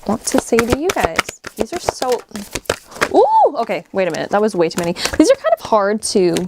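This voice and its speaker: Woman, tarot reader, casual pick-a-card reading, excitable, laughs often, slightly worn voice. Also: on the high side, normal speed, background noise. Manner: excitable, laughs often, addresses viewers directly. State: voice a little worn. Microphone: camera on table while shuffling cards.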